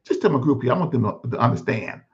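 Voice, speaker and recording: Guy doing god, fatherly and coaxing, pitch jumps all over, dull lo-fi sound. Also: expressive, fast talker, a little mellow, close to an everyday voice. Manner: coaxing, pastoral, repeats himself. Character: God, a patient fatherly male Lord. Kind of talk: one-man sermon skit. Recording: dull lo-fi recording.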